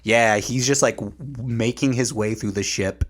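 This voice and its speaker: A man with a slightly low voice chatting casually as a podcast co-host. He sounds animated, laughs often and leans on "like" as a filler. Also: normal speed. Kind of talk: casual chat.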